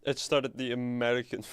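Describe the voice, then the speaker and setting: A man's voice: mid-range voice, clean tone. Guy streaming a game, rambly and joking around, swears a bit. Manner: rambling, playful, swears casually. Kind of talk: casual live game stream chat.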